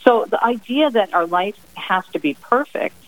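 A middle-aged woman from New Jersey, a guest author on a radio interview, telling family stories in a lively, emphatic way. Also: medium pitch, moderate pace, rough recording. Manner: lively, emphatic, acts out her mother's sayings. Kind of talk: radio interview, personal storytelling.

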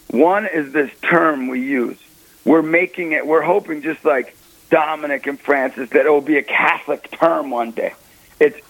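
Male ministry leader on a radio talk show. High, gravelly voice, bursting with energy, preaches as he talks. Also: low-quality recording. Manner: energetic, preachy, laughs often, acts out quotes. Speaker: Catholic ministry leader, guest. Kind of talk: lively radio interview talk. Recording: radio broadcast.

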